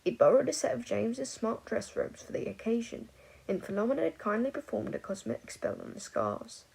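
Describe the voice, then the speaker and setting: A woman narrating a fan fiction story aloud in an expressive audiobook style. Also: fairly high pitch, a little fast, creaky, slightly rough, low-quality recording. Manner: expressive, voices each character.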